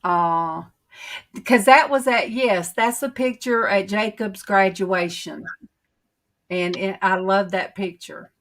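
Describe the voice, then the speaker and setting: A middle-aged woman, rambling in homey, drawn-out stories as she chats casually with her livestream viewers. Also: medium pitch, fairly bright tone. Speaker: livestream host.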